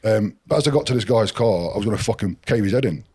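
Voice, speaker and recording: Fast-talking, swearing man. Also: on the low side, animated, breathy edge. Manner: blunt, heavy swearing, forceful storytelling. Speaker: podcast guest. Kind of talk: casual podcast chat.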